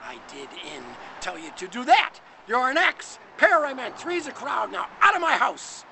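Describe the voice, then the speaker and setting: A man's voice: very high-pitched, very animated, normal speed, vocal fry, bright, forceful tone, a little hiss or hum, pitched above the performer's own voice, full character voice. A man playing a stern scolding god.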